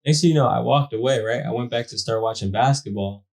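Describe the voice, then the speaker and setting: Slangy young dad telling a story. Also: male voice, mid-range voice, fast talker, creaky. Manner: animated storyteller, slangy, acts out quotes. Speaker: podcast co-host, new father. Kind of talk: casual storytelling chat.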